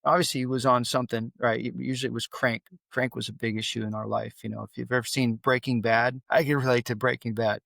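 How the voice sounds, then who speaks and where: Man, middle-aged, from California, gravelly voice, dry close sound, animated storytelling guest. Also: mid-range voice, fast talker, few pauses, no echo. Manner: animated storyteller who acts out quoted dialogue. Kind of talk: conversational storytelling.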